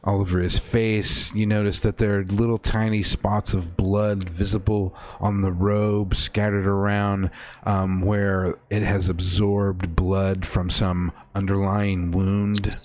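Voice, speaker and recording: A man acting as game master, slowly describing a horror scene in a tabletop game with frequent fillers. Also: low voice, level tone, darkish tone.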